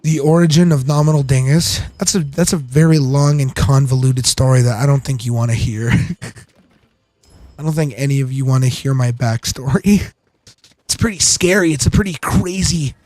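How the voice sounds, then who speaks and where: A man's voice: medium pitch, moderate pace, darkish tone, dry recording. A man giving casual gameplay commentary, rambling, giggly and self-deprecating. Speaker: gaming channel host.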